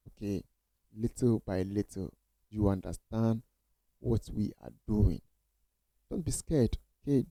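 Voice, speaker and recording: Low, mellow-voiced man teaching code. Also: gravelly, dry recording, rough recording. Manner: repeats phrases, encouraging, many okays. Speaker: coding tutor. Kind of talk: casual screen-share tutorial.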